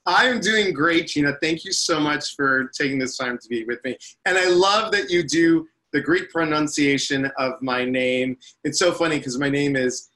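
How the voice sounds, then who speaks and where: Man, fifties, interview guest, chatty, rambling, bright voice. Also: a little high, normal speed, hardly any pauses, poor audio. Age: 50s. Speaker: guest, spiritual teacher. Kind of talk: personal storytelling in interview.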